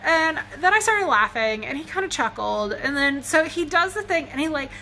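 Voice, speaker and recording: High bright chatty woman rambling into her phone, a bit wheezy, faint fan hum. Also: animated, normal speed. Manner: chatty, rambling, laughs at herself. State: a little wheezy. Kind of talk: casual storytelling vlog. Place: indoors at home with a fan running.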